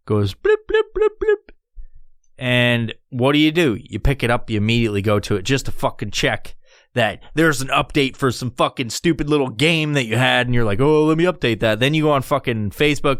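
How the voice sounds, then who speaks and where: A man hosting a solo podcast, rambling through a story with constant swearing and lively mimicry. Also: medium pitch, moderate pace, clean tone, no room sound, clean studio sound. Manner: profane, rambling, animated storytelling. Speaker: podcast host.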